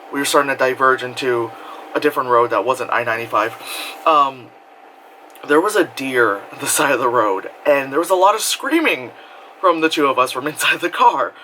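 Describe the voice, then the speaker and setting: A young man telling a story in casual vlog style, rambling with lots of fillers and breaking into loud screams and laughter. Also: medium pitch, a little fast, a little hiss or hum, rough recording. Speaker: vlogger.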